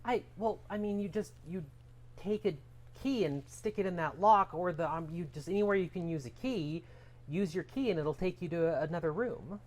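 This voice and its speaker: A woman's voice: on the low side, normal speed, a little mellow. A woman running a tabletop role-playing game, narrating scenes in a chatty, rambling way. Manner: chatty and rambling, full of fillers. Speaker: game master.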